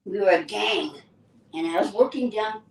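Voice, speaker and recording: An older woman, an actress, recounting her career in a lively, anecdotal interview style. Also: mid-range voice, normal speed, vocal fry, slight background noise. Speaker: actress and guest. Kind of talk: casual interview storytelling. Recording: roomy distant mic with faint ambience.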